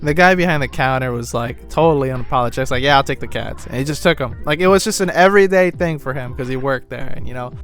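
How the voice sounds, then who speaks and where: A young man telling a personal story in a rambling, casual way, full of "like" and "you know", moving between glum and excited. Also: mid-range voice, fast, few pauses, faint music behind. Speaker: vlogger.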